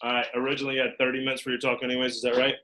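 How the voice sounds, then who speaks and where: A man with a bright, forceful voice at an ordinary middle pitch. He coaches a small group of recruiters, acting out lines and checking in with them as he goes. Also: rapid-fire, a little hiss or hum, poor audio. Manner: animated, acts out quotes, checks in with "okay?" often. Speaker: recruiter training a team. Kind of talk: group training talk.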